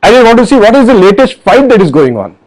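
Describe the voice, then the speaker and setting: A man's voice: sits high, sing-song, fast talker, a little mellow, poor audio. A man hosting an online health forum, talking to camera in an earnest, explanatory way with many fillers and restarts. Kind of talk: casual video talk to camera.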